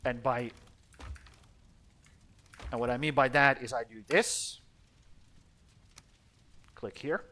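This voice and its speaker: A man's voice: medium pitch, fairly even intonation, slow, pauses often, bright, forceful tone. A man chatting casually while streaming a game, rambling and swearing bluntly. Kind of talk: casual gameplay chat.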